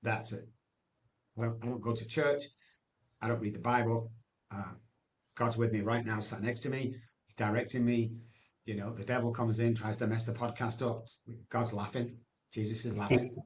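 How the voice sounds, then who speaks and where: Give me a man telling a forceful, animated testimony as a podcast guest. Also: lowish voice, moderate pace, slight background noise. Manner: animated storyteller, forceful, rhetorical questions.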